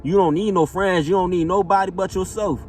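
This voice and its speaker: A man's voice: sits high, fairly even intonation, fairly quick, darkish tone. A man speaks a little away from the mic, so his voice sounds distant. Faint music plays under his casual, motivational monologue. He repeats his phrases for emphasis. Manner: repetitive, emphatic, casual slang with frequent "know what I'm saying". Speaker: motivational vlogger.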